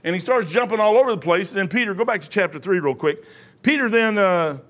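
A man's voice: sits high, expressive, quick pace, a bit bright. A middle-aged man preaching a sermon, rambling into joking personal asides.

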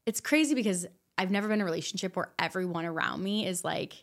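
A woman's voice: lowish voice, quick pace. A woman from Michigan hosting a podcast, chatting casually in a bubbly way. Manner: bubbly, frequent laughs. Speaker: podcast host. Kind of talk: casual chat.

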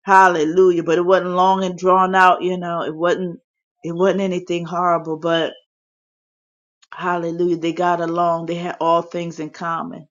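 A woman's voice: on the low side, level tone, normal speed. A woman leading a faith chat room, preaching and praying with fervor and frequent hallelujahs. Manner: fervent, peppered with hallelujahs. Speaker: prayer leader hosting a faith chat room. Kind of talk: impassioned preaching and prayer. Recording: dull lo-fi phone audio.

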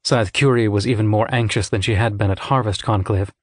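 Low-voiced male audiobook narrator. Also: steady tone, a little fast, dry recording, clean studio sound. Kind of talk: scripted narration.

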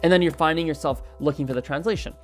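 A language-learning video host explaining a study method in a casual, animated way, often acting out little learner dialogues and repeating words while thinking. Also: medium pitch, racing, faint music behind.

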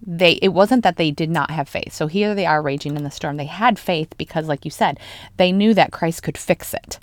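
A woman with a slightly low voice co-hosts a casual faith podcast. She talks in an animated, lively way, jumping into retold stories. The recording is dry and close. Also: normal speed, dry recording. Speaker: podcast co-host.

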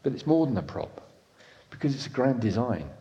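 A man in his fifties preaching a sermon, swinging from loud emphatic lines to soft, intimate ones. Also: mid-range voice, sing-song, fairly quick, muffled recording. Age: 50s. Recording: echoey hall reverb.

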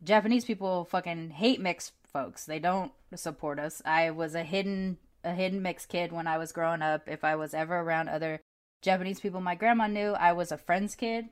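A woman's voice: on the low side, normal speed. A woman in casual chat, telling personal stories candidly and with animation, laughing often and swearing freely.

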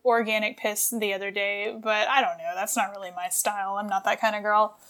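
A woman's voice: mid-range voice, level tone, a little fast, a bit bright. A woman co-hosting a podcast, joking crudely and playfully in casual chat. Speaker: podcast co-host.

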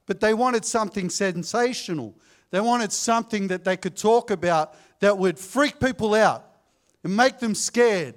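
A man's voice: high voice, expressive, unhurried. A young man preaching a sermon in a chatty, storytelling way, calling out to the congregation. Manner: conversational, asks the congregation for amens. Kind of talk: sermon with anecdotes. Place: church.

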